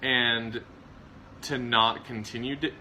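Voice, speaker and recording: Bright-voiced man in casual chat. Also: mid-range voice, slow pace, slight background noise, poor audio. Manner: relaxed, laughs often, rambling with restarts. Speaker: co-host of a marriage channel.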